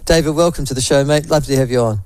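A man's voice: mid-range voice, fast, darkish tone, no room sound. A middle-aged man with a New Zealand accent hosting talkback radio, blunt and rambling with sardonic asides. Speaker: talk radio host. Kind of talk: opinionated talkback radio chat.

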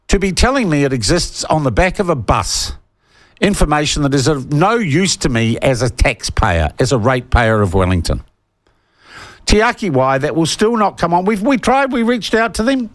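A man's voice: a little high, very animated, moderate pace, dry recording. A man with a New Zealand accent hosting talkback radio, blunt and combative, hammering his points with repetition. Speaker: talk radio host.

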